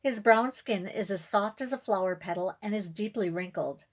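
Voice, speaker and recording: Female storyteller, mid-pitched, gentle read-aloud of a picture book with asides to viewers, recorded on camera. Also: moderate pace.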